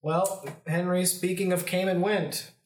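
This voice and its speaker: A man's voice: sits high, little pitch movement, measured pace, roomy sound, recorded from a distance. Wisecracking podcast co-host man. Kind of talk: jokey podcast banter.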